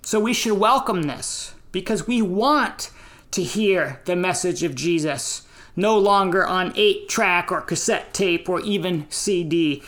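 An American man preaching a sermon in a measured, deliberate way, pausing between phrases. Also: high-pitched, fairly bright tone. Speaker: pastor.

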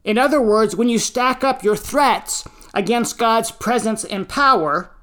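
Pastor preaching slow and steady, leaning on each word, middle pitch. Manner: slow, deliberate, emphatic phrasing. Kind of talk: sermon with scripture reading.

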